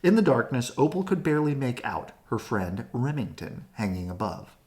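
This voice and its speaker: A woman gently and expressively reading a children's picture book aloud. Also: very deep voice, very animated, normal speed. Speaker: storybook reader. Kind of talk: children's read-aloud narration.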